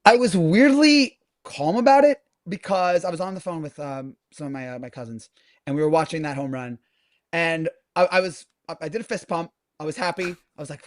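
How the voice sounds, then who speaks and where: Fast-talking joking male co-host. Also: high-pitched, lively intonation, no room sound, studio quality. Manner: quick, joking, self-deprecating. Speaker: podcast co-host. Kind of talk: casual sports chat.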